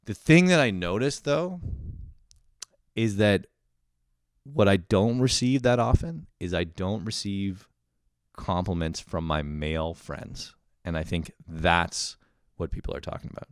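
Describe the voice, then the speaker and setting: A very deep, smooth male voice delivering a profane, sarcastic rant straight into a close mic. The sound is dry, with no room echo. He talks loosely and casually, like a podcast host complaining to his listeners. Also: unhurried.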